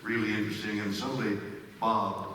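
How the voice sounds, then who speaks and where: An older man telling an animated anecdote on stage, his voice climbing high when excited. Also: fairly quick. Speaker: guest speaker. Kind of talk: storytelling on stage. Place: large cinema hall with audience. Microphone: stage microphone, recorded from the audience. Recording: roomy hall from far off, faint noise.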